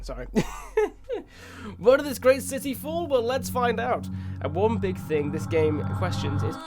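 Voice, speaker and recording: A fairly high-pitched man talks through a video game review in quick, excitable bursts. He reacts loudly to the big moments. Game music plays clearly under his voice.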